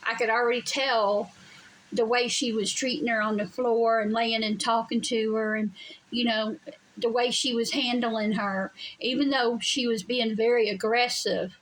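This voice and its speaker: At home during a storm, a vlogger tells her viewers a story bluntly and emphatically, swearing freely. Her voice is fairly high, flat and unhurried, captured in a low-quality recording.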